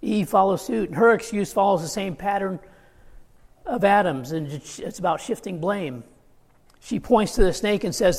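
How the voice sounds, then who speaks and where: High gravelly preacher in a hall. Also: male voice, lively intonation, moderate pace, a little mellow. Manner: earnest, emphatic, quoting scripture in acted asides. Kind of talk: sermon.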